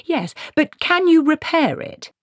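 A stern old witch in a hurry, as a woman narrator puts her on, clipped and demanding. Her lines come short and firm, pitched up from the narration. The sound is dry and close. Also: big pitch swings, a little slow, dry recording. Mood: impatient.

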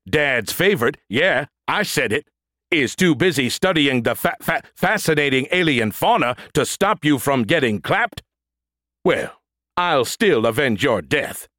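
A man's voice: mid-range voice, a bit bright, dry recording, clean studio sound, voice pushed up. A man voicing a boastful, sulky male combat robot who stutters as he glitches, in an audiobook. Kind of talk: audiobook character voice.

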